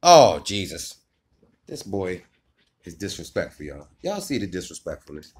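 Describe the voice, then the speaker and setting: A man with a somewhat low voice talks casually to his viewers about his dogs. He is laid-back and joking, and he keeps checking in with them as he goes. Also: very animated, normal speed, darkish tone, slightly rough. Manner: laid-back, joking, repeats "you know what I mean". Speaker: dog owner and vlogger. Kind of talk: casual vlog chat.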